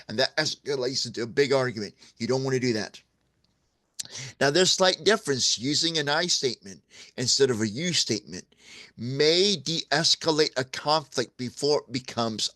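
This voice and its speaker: A man's voice: mid-range voice, a bit bright. A man hosting a video, giving earnest, candid advice in a casual way, often checking in with "okay?" and drawing on his own life. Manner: candid, shares personal examples. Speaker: vlog host giving marriage advice. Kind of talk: casual advice talk to camera.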